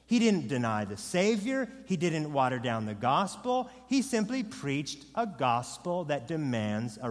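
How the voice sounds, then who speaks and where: A pastor preaching a sermon to his congregation, swinging from loud proclamation to soft, low pleading. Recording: long reverb of a large hall.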